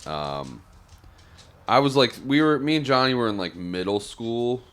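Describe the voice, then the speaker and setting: A man's voice: mid-range voice, lively intonation, unhurried, a bit bright, clean tone. A man co-hosting a podcast in casual, joking, profane chat who often trails off into a mumble. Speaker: podcast co-host.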